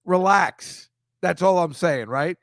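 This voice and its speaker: A man with a somewhat high voice hosts a comedy show, ranting in an exasperated, casual way as he comments on pictures. His delivery wanders into quick asides and grumbles. The sound is dry and close. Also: a bit bright, no echo. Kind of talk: casual monologue over pictures.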